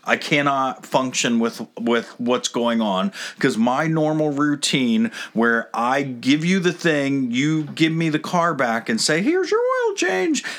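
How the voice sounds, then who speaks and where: Man, 30s, hard of hearing, rambling exasperated storyteller, casual swearing, mid-pitched voice. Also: slow pace, hardly any pauses, a bit bright. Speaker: podcast co-host telling a story.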